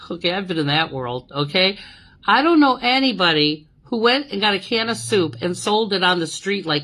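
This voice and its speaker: A middle-aged woman hosting a podcast, telling a personal story in a casual, animated way, often checking in with "okay?" and "you know". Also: medium pitch, moderate pace, low-quality recording. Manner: animated, repeats "okay?" and "you know", acts out quoted voices. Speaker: podcast host.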